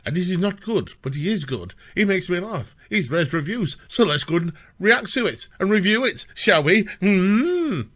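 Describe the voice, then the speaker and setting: A man's voice: high-pitched, very animated, normal speed, few pauses, a bit bright. A man hosting a casual reaction video, chatty, rambling and playful. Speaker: reaction channel host.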